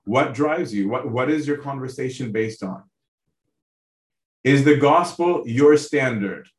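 A man's voice: mid-range voice, lively intonation, a little slow. A male priest giving a sermon, speaking earnestly and conversationally, often asking his listeners direct questions and checking in with "right?". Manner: conversational, tags lines with "right?". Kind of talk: sermon on a Bible passage. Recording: roomy echo.

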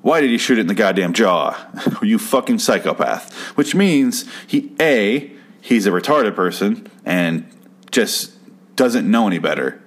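Profane, exasperated man ranting, low voice. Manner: profane, exasperated, rambling with restarts. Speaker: show recap host. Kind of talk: casual ranting commentary.

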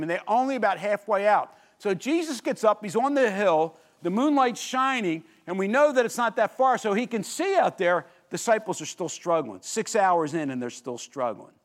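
A man preaching a sermon, telling the story vividly, swinging between lively emphasis and hushed, intense moments and asking the listeners questions. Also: high voice. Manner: animated storytelling with sudden drops to quiet intensity. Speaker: pastor.

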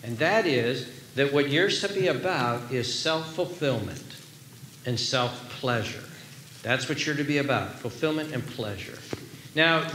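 A man's voice: mid-range voice, a bit bright, slight background noise. A man preaching a sermon as pastor, earnest and emphatic, repeating his key phrases. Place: church sanctuary. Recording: echoey room, faint ambience.

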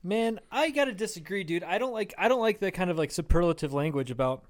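A man's voice: high-pitched, animated, fast talker, no room sound. A man co-hosting a casual podcast, ranting heatedly and swearing a lot. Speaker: podcast co-host. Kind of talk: casual chat.

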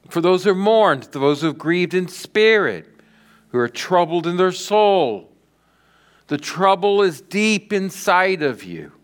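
A middle-aged male pastor preaching with a slow, deliberate delivery. His pitch rises and falls widely as he swings between loud declarations and hushed, dramatic lines. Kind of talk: sermon.

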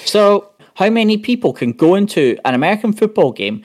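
A man's voice: high-pitched, very animated, fairly quick, darkish tone. A man on a sports podcast, chatting casually and rambling through game stats with many restarts. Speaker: podcast panelist.

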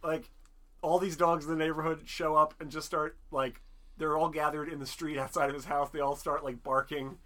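Brief: male podcast co-host, bright forceful voice, loose profane storytelling. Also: a little high, level tone, normal speed. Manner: rambling, profane, acts out characters in jokey voices. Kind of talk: casual chat reviewing a movie.

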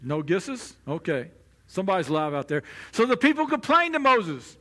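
Male pastor, sermon, very high and bright voice, conversational delivery, acts out quoted voices. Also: big pitch swings, normal speed.

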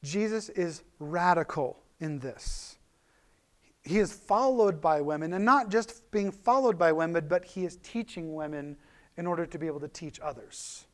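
A man giving a casual, conversational sermon as a pastor, animated and full of restarts and fillers. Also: fairly high pitch, normal speed.

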